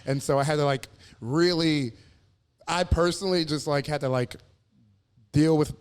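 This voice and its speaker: A man's voice: fairly high pitch, normal speed, smooth. A man from Houston, a comedian guest in a casual podcast chat, telling stories with bursts of laughter and acted-out voices. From Houston, Texas. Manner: animated storyteller, bursts into laughter, acts out voices.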